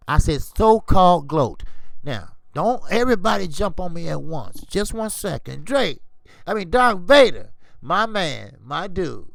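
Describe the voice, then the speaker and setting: Brief: man, boxing stream host, lively high voice, gravelly, swears a lot, dry close sound. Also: no room sound. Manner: animated, swearing, emotional storytelling. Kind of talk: casual livestream talk.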